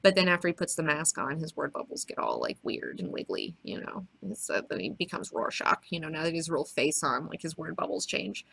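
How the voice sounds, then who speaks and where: Young woman host, bright, excitable, swears freely, rambling comic-book recap chat. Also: sits low, brisk, vocal fry, few pauses, breathy edge. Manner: excited, profane, rambling with many fillers. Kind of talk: casual recap and discussion.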